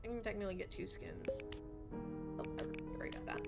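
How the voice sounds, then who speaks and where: A woman's voice: mid-range voice, wildly swooping pitch, brisk, creaky, over loud music. A young woman streaming a game live, talking to chat while she plays, exclaiming, swearing and ranting about her teammates. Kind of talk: live gameplay commentary.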